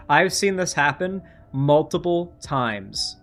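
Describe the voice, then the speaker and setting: Guy w a higher voice, native ukrainian speaker, chatting through political commentary, lots of likes and ums. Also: expressive, measured pace, fairly bright tone, soft background music. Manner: conversational, with filler words and restarts.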